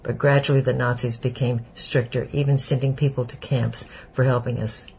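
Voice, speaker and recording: A man voicing an elderly Jewish refugee who speaks with a German accent, slow, heavy and bitter. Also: mid-range voice, little pitch movement, vocal fry, a little mellow, slight background noise, close to an everyday voice, low-quality recording. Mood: grim. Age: older. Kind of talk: audiobook character voice.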